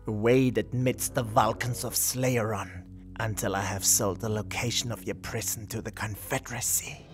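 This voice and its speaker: A man's voice: lowish voice, normal speed, music in the background, natural voice. A man whispering as a gleeful scheming villain. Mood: gloating whisper. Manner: excited whisper.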